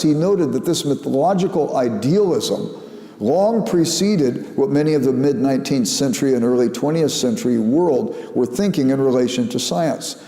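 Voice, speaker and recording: Older man, academic lecture, measured and reflective, mellow tone, roomy echo. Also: medium pitch. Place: lecture hall. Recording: echoey hall.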